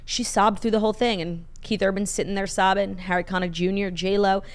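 A woman's voice: medium pitch, fairly even intonation, brisk. A young woman co-hosts a chatty podcast. She gushes, swears freely and fills her talk with "like" and "um." Her voice sits in the middle of the usual range for a woman. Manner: gushing, swears freely, full of fillers. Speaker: podcast co-host. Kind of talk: casual chat.

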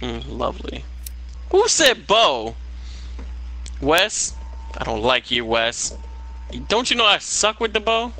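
A man's voice: on the high side, huge pitch swings, takes it slowly, long pauses, bright, forceful tone, low-quality recording. A young man giving live gameplay commentary, ranting and swearing in exasperation at his teammate. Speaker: gamer.

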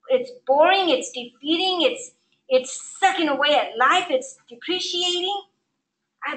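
Woman pastor, high pitched and bright, preaching with passion. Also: low-quality recording. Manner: passionate, building to emphatic preaching; soft and reflective at the start. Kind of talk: sermon.

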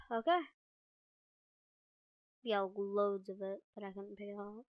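A woman giving casual gameplay commentary, chatting to her viewers and reacting quickly as she plays. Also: mid-range voice, steady tone, a little mellow, no echo, rough recording. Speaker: gaming video creator.

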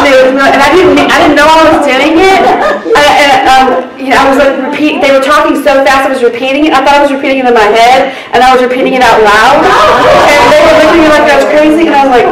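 A woman court reporter chatting with colleagues, telling animated stories and laughing often. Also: sits high, quick pace, few pauses. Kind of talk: casual group chat. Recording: echoey room, far from mic, group chatter.

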